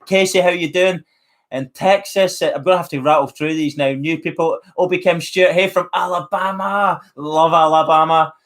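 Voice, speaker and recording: A man's voice: fairly high pitch, steady tone, moderate pace, a bit bright. Chatty Northern Irish man. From Northern Ireland. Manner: chatty, friendly, reads viewer names aloud. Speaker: live stream host. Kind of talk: casual live chat reading comments.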